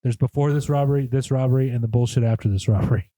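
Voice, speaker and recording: A man's voice: mid-range voice, fairly even intonation, fast talker, dark tone. A man co-hosting a movie podcast, rambling casually and acting out lines from the film. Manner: rambling, laughs often, acts out movie lines. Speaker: podcast co-host. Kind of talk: casual chat.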